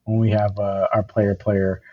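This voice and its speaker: A young man co-hosting a casual podcast chat, animated and joking, laughing often. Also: lowish voice, a little slow, narrow, tinny audio. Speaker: podcast co-host.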